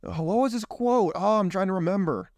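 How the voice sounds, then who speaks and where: A man's voice: sits high, brisk, a little mellow, no room sound, studio quality. A man hosting a political commentary show, talking indignantly to his listeners, firing off rhetorical questions and rambling off script. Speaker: show host.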